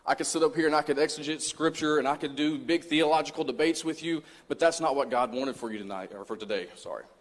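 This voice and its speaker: A man's voice: fairly high pitch, fast talker, hardly any pauses. A man preaching a mini sermon in a church, telling a personal story in an earnest, conversational way. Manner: conversational, earnest, acts out his own past words. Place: church sanctuary. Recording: long church hall reverb.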